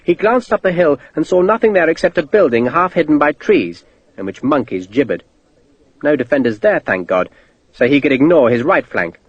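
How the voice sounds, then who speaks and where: A man narrating an audiobook in a steady, vivid storytelling manner. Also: a little high, moderate pace, breathy edge, highs cut off. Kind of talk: scripted narration.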